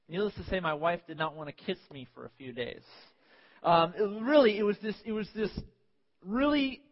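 Male pastor, high-pitched, animated storyteller, muffled sound with long hall reverb. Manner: animated, acts out scenes with sudden yelps. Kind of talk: sermon with personal storytelling. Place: church sanctuary.

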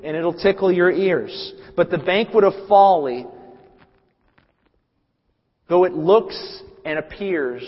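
A man delivers an earnest sermon, driving points home through repetition. His voice sits fairly high for a man. The recording is a little dull and carries the long reverb of a large hall. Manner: earnest, emphatic, repeats phrases for weight. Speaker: preacher. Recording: reverberant hall, muffled sound.

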